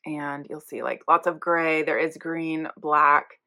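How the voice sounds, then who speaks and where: A woman hosting a casual knitting podcast, her voice gravelly and hoarse as she recovers from an illness, chatting along with plenty of ums. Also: low voice, steady tone, slow, sharp tone. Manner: chatty, rambling, many ums. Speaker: podcast host.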